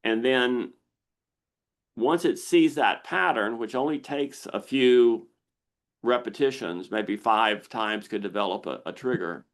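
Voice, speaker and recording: A man's voice: mid-range voice, slow. Older man explaining on a video call. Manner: explanatory, acts out the inner voice of the brain with animated exclamations. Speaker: misophonia researcher hosting a Q&A. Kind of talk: live Q&A explanation.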